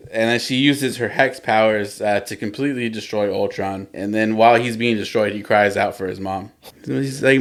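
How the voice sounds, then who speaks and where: A man with a lowish voice hosts a podcast and recaps a comic storyline in loose, casual chat. He keeps breaking into chuckles as he retells it. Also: steady tone, moderate pace. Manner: chuckles often while retelling. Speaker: podcast host.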